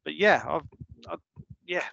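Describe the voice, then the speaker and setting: A man's voice: on the high side, unhurried, gravelly, sharp tone, a little hiss or hum. A man chatting as a podcast co-host, upbeat and enthusiastic. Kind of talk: casual chat. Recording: dull lo-fi sound.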